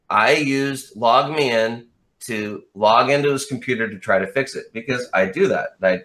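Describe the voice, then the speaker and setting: Guy on an interview, bright tense voice, animated storyteller, swears a lot. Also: mid-range voice. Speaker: interview guest. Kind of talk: casual chat.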